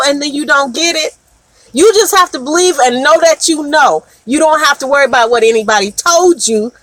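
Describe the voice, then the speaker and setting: High-voiced woman giving a card reading. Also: fairly bright tone, no echo. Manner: emphatic and repetitive, with frequent laughs. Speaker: card reader. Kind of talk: live oracle card reading.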